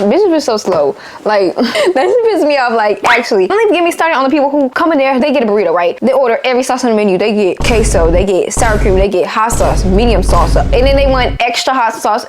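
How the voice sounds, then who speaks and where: A woman's voice: on the high side, fast talker, a little hiss or hum. A young woman, ranting through a casual storytime about her old jobs and acting out what people said. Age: young adult. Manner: animated, exasperated, acts out quotes. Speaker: vlogger.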